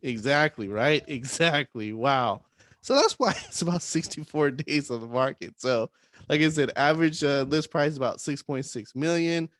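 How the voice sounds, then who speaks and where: A man co-hosting a casual real estate podcast in an upbeat, jokey way, often tagging his points with a quick "right?". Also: on the high side, a bit bright, no echo.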